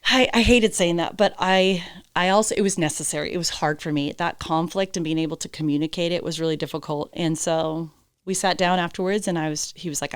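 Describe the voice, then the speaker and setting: A woman's voice: on the low side, steady tone, fairly quick, clear, resonant tone, no echo, clean studio sound. A woman guest on a podcast, a horse trainer telling her story candidly, with emphatic, blunt phrasing and casual swearing. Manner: acts out quoted dialogue.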